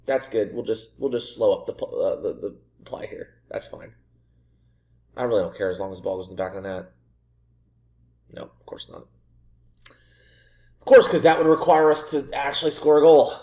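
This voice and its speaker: A man's voice: mid-range voice, brisk, darkish tone. Sarcastic man commentating a game. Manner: sarcastic, exasperated self-mocking rants. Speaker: gaming video creator. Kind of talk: let's play commentary.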